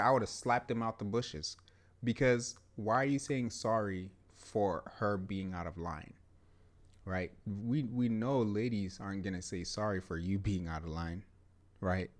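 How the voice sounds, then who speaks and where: Young guy, kinda low voice, casual podcast talk, emphatic, says yeah a lot. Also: measured pace. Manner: emphatic, repeats "yeah" and "to be honest". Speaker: podcast co-host. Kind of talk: casual chat.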